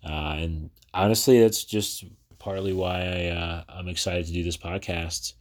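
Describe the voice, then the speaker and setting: A very low-pitched man in his thirties, originally from New Jersey, talks through his own podcast alone. He rambles in a casual, chatty way, often stopping on fillers and starting sentences over. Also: steady tone, unhurried. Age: 30s. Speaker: podcast host. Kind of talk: casual personal podcast monologue.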